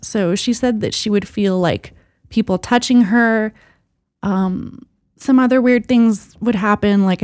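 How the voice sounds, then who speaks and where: A woman's voice: mid-range voice, darkish tone, no room sound. Woman telling a story, dry sound. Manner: rambling, filler-heavy storytelling with laughs. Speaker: podcast co-host. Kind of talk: casual storytelling chat.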